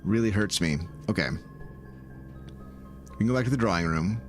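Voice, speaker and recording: A man thinking aloud and talking to his viewers in let's-play commentary, moving from calm planning to loud outcries. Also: fairly low pitch, normal speed, faint music behind. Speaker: gaming video creator.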